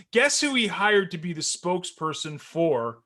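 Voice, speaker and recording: A man, co-hosting a casual sports podcast, telling stories in an animated way and laughing often. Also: high voice, slow pace, a little hiss or hum. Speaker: co-host.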